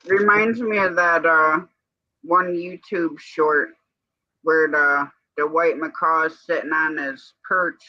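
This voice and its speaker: A man in a casual chat, talking slowly and laid back with mild slang. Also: fairly high pitch, steady tone, no echo, dull audio.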